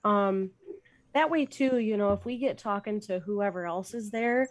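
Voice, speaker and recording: A woman's voice: mid-range voice, normal speed, no echo. A woman player chatting casually at a tabletop game.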